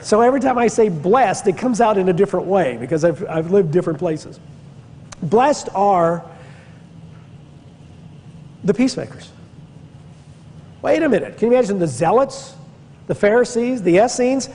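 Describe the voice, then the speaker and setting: A man's voice: high voice, lively intonation, moderate pace, pauses often, darkish tone, slightly rough, big-room sound. A man from Pennsylvania teaching church history in a conversational lecture, digressing and stressing key words. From Pennsylvania, USA. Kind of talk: classroom-style Bible lecture.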